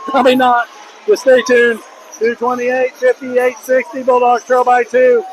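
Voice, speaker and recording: A man calling a high school basketball game play-by-play, excitable and openly rooting for the home team. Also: unhurried. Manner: excitable, openly biased toward the home team, shouts on big plays. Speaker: play-by-play commentator. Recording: noisy gym crowd behind. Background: crowd noise.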